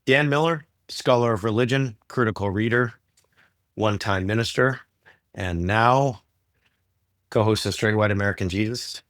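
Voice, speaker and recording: A man introducing his podcast co-host in short, measured phrases. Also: lowish voice, fairly bright tone, no echo, studio quality. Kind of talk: introducing a guest.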